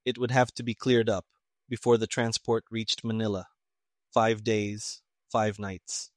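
Guy reading a mystery audiobook, steady measured pace, dry close mic. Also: fairly low pitch, no room sound. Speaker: narrator. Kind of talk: audiobook narration of a pulp mystery.

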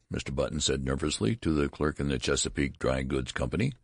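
A man reading a story aloud in a gravelly voice and acting out the dialogue. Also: very deep voice, fairly quick, few pauses, no room sound, studio quality. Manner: acts out the dialogue. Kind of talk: audiobook narration.

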